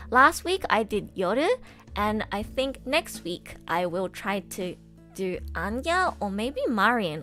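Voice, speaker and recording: A woman's voice: medium pitch, fairly bright tone. A young adult woman voice actress chatting casually on a live stream, bubbly and giggly, gushing with enthusiasm.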